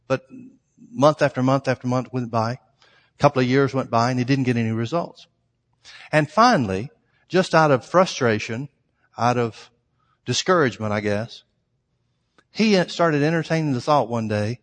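Male preacher, mid-pitched, earnest storytelling sermon, long reverb tail. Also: a little fast. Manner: storytelling, earnest, addresses listeners as folks.

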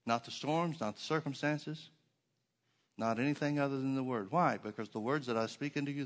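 A man's voice: medium pitch, fairly quick. A man preaching a sermon to his congregation in a church, emphatic, with many rhetorical questions and repeated phrases. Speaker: pastor.

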